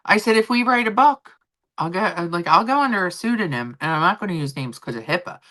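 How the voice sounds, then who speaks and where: Chatty low-voiced woman host. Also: animated, quick pace, a bit bright. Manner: chatty, opinionated, many fillers and restarts. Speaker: livestream host. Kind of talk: casual chat about royal gossip.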